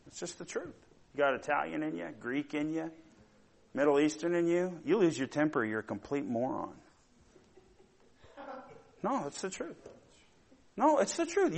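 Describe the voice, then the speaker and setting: A middle-aged male pastor preaches in a loose storytelling way, full of fillers and asides. His pitch climbs and his voice gets loud when he gets going. It sounds like casual talk from the pulpit, not a read script. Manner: storytelling, rambling with many fillers, getting loud and animated when worked up. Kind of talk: sermon.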